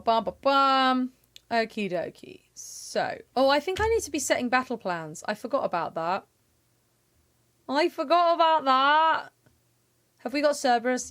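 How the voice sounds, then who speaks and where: A young woman chatting casually with her viewers while she plays a game, giggling and humming little sound effects. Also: mid-range voice. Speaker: game streamer. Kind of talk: casual live-stream chat.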